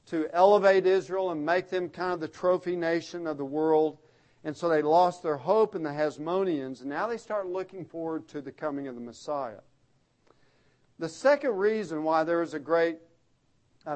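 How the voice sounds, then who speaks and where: A man's voice: on the high side, a little mellow. A man preaching a sermon as pastor, emphatic and conversational, with frequent restarts.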